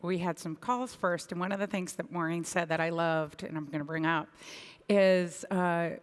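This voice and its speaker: A woman moderating a conference panel, conversational and lively as she leads the questions. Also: on the low side, normal speed. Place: conference stage. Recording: long hall reverb.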